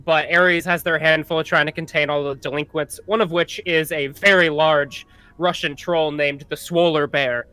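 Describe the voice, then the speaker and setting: A man's voice: on the high side, steady tone, moderate pace, sharp tone, clear, resonant tone, no room sound. A man player talking casually in a tabletop game, rambling and swearing.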